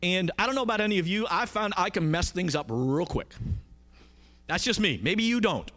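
Man, preacher, high voice, very lively pitch, conversational sermon, emphatic, asks questions. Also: normal speed.

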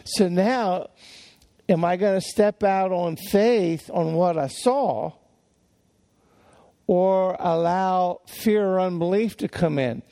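Older male preacher, slow gravelly delivery, folksy storyteller, stumbles and restarts. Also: sits high, dark tone. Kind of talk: sermon-style teaching.

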